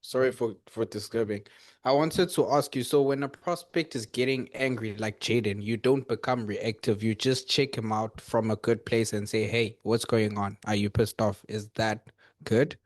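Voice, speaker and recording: A man's voice: medium pitch, moderate pace, no room sound. A man on a video call asking a coaching question, apologetic and stop-start. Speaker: coaching participant.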